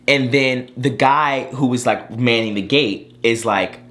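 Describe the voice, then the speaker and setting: A young man telling a story to viewers in an animated way, with many fillers like "like" and "um". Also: medium pitch, measured pace. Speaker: co-host, son.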